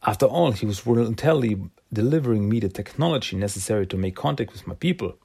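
A man's voice: fairly low pitch, animated, quick pace, vocal fry, mellow, slightly rough, full character voice. A man voicing a scheming male alien warlord in a stiff, formal tone while retelling a comic. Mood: grateful scheming. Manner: stiff formal villain speech.

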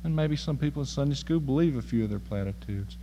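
A man's voice: mid-range voice, animated, quick pace, dark tone, big-room sound, a little hiss or hum, low-quality recording. A man preaching a sermon in a folksy, humorous and emphatic way.

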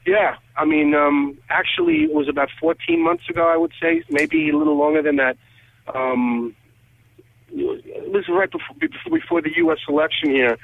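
Gravelly man on a tinny phone line. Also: a little high, a little hiss or hum. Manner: animated, acts out quoted conversations. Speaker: guest guitarist. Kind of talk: phone interview storytelling.

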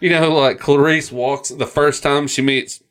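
A man's voice: fairly high pitch, steady tone, unhurried, clear, resonant tone. A man co-hosting a podcast, casual chat, crude and joking, laughing often and swearing a lot. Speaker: podcast co-host.

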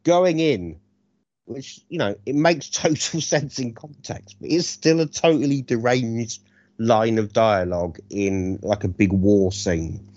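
A man co-hosting a film review chat, animated, sarcastic and freely profane. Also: on the low side, measured pace, no echo, muffled recording. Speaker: podcast co-host reviewing films.

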